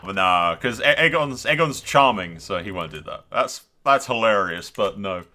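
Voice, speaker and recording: A man's voice: lowish voice, moderate pace, very noisy. A man playing a strategy game at home, chatting casually to his viewers, laughing and talking to the characters on screen. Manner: animated, talks to the game characters, laughs often. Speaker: gaming YouTuber. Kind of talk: casual let's-play commentary.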